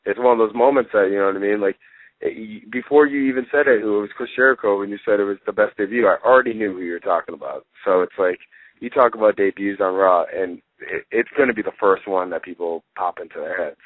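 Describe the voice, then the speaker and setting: A young adult man, a guest on a wrestling talk show, chatting casually and rambling with plenty of fillers, getting excited as he retells stories. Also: fairly low pitch, fast, no echo. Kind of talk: casual interview chat. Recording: tinny phone line.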